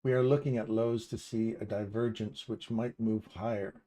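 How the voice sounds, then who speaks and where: A man's voice: lowish voice, steady tone, moderate pace, mellow. A man casually commenting on a live trading stream, reading out and answering viewers' chat messages by name. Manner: upbeat and chatty, laughs easily.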